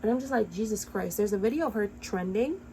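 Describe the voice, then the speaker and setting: Woman vlogger, impassioned and profane, mid-pitched, faint room hum behind. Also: expressive, fast talker, dark tone, rough recording. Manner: angry, impassioned ranting; blunt, profane. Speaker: commentary vlogger. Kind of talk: heated reaction commentary.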